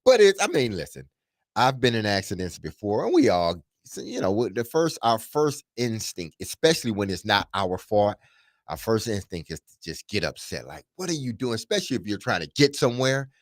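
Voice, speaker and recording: A man's voice: lowish voice, moderate pace, dry recording, clean studio sound. A middle-aged man, a radio host telling a story casually and dramatically, laughing as he goes. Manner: animated, laughing, dramatic retelling.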